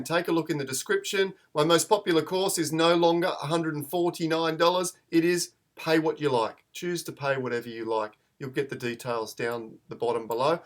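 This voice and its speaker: A man, chatting in a rambling, self-deprecating way as he hosts a live photo-editing tutorial stream. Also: a little high.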